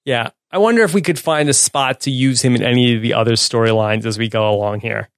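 A man's voice: mid-range voice, quick pace, no room sound, clean studio sound. A man co-hosting a podcast, casually recapping an episode's scenes and chuckling along with his co-host. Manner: relaxed, recapping scenes with easy laughs.

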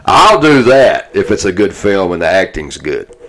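A man with a low, deep voice chats in a relaxed, folksy way as a podcast co-host. He sounds easygoing and warmly enthusiastic about what he likes. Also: normal speed. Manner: laid-back, folksy and enthusiastic. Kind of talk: casual chat.

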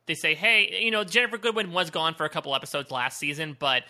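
A man's voice: fairly high pitch, fast. A man co-hosting a TV recap podcast in casual, joking chat. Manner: animated, joking, laughs often. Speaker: podcast co-host.

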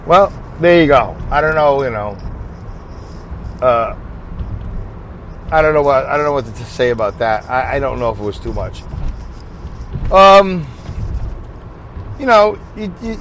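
A man's voice: fairly high pitch, expressive, moderate pace, pauses often, a bit bright, slight background noise, rough recording. A man hosting a casual solo podcast, rambling and thinking aloud, asking and answering his own questions. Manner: leads listeners through a breathing break. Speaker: podcast host.

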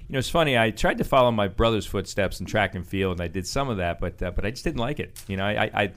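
Fast-talking low-voiced man telling stories. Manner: animated storytelling with frequent fillers and restarts. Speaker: guest, business owner. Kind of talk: conversational radio interview answers.

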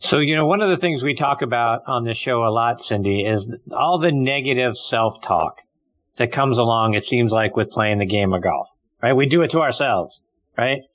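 A man's voice: mid-range voice, normal speed, no room sound. A man hosting a golf podcast, asking long, rambling questions. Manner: rambling, loose questions with fillers. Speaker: podcast host. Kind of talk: interview questions. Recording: dry tinny phone-like line.

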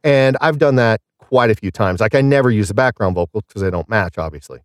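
A man's voice: lowish voice, a little fast, no echo, studio quality. A man in his thirties or forties, a singer and voice actor, chatting casually and telling rambling, self-deprecating stories. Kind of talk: casual podcast chat.

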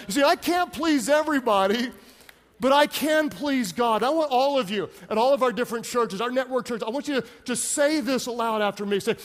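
A man's voice: very high voice, a bit bright, long reverb tail. A male pastor giving an emphatic sermon, leading call-and-response.

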